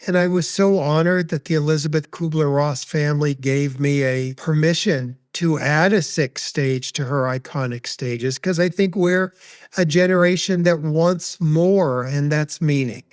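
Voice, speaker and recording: A man speaking as a guest expert on grief, sharing a personal story in an earnest, measured, heartfelt way. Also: a little high, no echo, studio quality.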